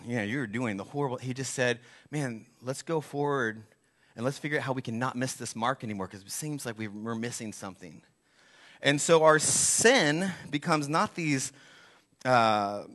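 Bright-voiced man telling a candid sermon story. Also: medium pitch. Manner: candid storytelling, self-deprecating, animated asides. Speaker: pastor.

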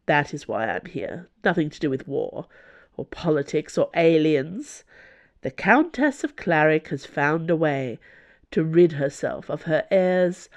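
A woman voicing a scheming, silver-tongued male noble held prisoner, speaking in a measured, wistful way. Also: low voice.

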